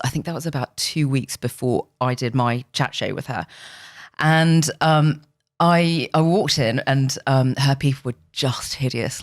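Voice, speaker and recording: Frank British-accented woman telling stories. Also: rumbling low. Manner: frank, brisk storyteller. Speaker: guest, television journalist. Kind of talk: casual podcast chat.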